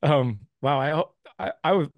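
A man's voice: a little high, moderate pace, no room sound, dull audio. A man telling a personal faith testimony as a guest, rambling along with restarts and acting out what people said. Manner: rambling, with many restarts and quoted dialogue.

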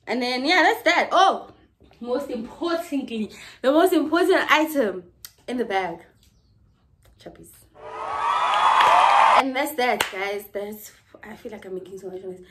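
A woman's voice: mid-range voice, slight background noise. A young South African woman vlogging casually on her phone, chatty and laughing, slipping Zulu words into her English. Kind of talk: casual chat. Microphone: phone held by hand.

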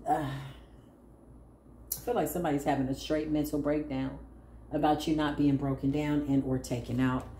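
A woman's voice: deep voice, fairly even intonation, normal speed, long pauses, mellow. A woman giving a casual tarot reading to her viewers, blunt and sassy, laughing as she talks. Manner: sassy, blunt, laughing, calls listeners "child". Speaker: tarot reader. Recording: echoey room with faint noise.

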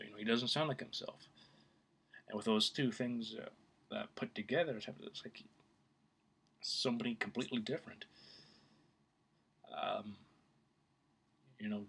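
A man's voice: lowish voice, a bit bright, breathy edge. A man talking casually to camera about his favorite actor, rambling with many fillers and restarts. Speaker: film vlogger. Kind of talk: casual opinion talk.

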